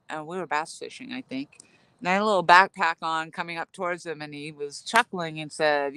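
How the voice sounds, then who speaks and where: A woman's voice: sits low, a bit bright, smooth, no echo, rough recording. A woman hosting her channel, telling long, wandering stories with laughs while sitting outdoors by a campfire at night, on a headset mic. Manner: rambling, laughing storyteller. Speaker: channel host. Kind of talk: casual campfire chat.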